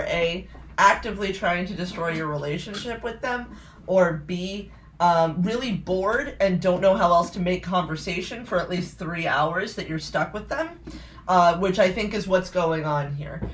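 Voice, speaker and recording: Podcast co-host, casual film recap, rambling, swears a lot, mid pitch. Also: normal speed, fairly bright tone, a little hiss or hum. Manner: rambling plot summary with frequent swearing and laughs. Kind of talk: casual movie recap chat.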